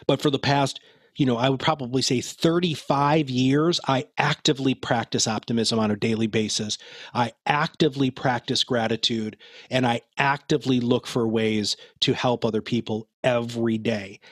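A man's voice: medium pitch, steady tone, moderate pace, no room sound, studio quality. A middle-aged man talking as a podcast guest, earnest and upbeat, with casual asides. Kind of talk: interview talk.

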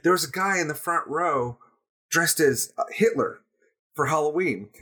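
A man's voice: on the high side, normal speed, bright, forceful tone, slightly rough. A man, a guest drummer, telling rambling anecdotes with laughs and restarts over a video chat. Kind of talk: casual storytelling.

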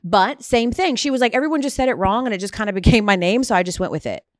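A woman from the United States hosting a podcast in casual chat, talking in a chatty, animated way with lots of filler "like"s. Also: mid-range voice, fast, no echo, clean studio sound. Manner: chatty, animated, heavy use of "like". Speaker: podcast host.

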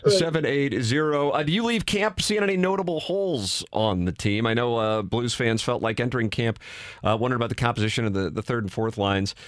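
A man's voice: mid-range voice, animated, a little fast, no echo. Male radio host, upbeat and polite, dry studio sound. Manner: upbeat, laughs often, polite. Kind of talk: sports radio talk.

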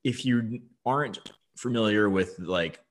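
A man's voice: on the low side, a little slow. A man hosting his own podcast in casual chat, easygoing and given to hedging and trailing off. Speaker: podcast host.

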